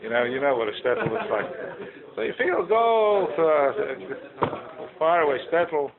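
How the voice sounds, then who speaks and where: A man, a rabbi, telling an animated story at a holiday gathering, often repeating and restarting words. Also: fairly high pitch. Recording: tinny lo-fi recording with crowd.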